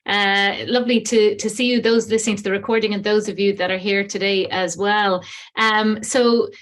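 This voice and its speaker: A woman's voice: mid-range voice, fairly even intonation, normal speed. A woman in her fifties with an Irish accent, speaking graciously as a guest presenter to an online group. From Ireland. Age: 50s.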